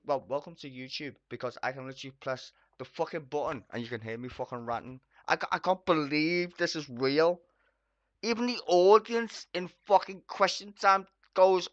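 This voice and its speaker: A foul-mouthed streamer rants over a debate clip from a home computer, swearing nonstop and bursting into loud, exasperated yells. The voice sits in a middle register, and the recording is dry and a little dull. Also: mid-range voice, moderate pace, no room sound. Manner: swearing constantly, ranting with sudden loud outbursts. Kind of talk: angry profane reaction rant.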